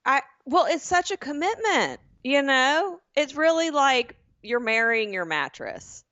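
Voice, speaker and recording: A woman co-hosting a podcast in casual chat, trading quick, joking banter and laughing often. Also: high voice, sing-song, bright, forceful tone, dry recording, highs cut off. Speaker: podcast co-host.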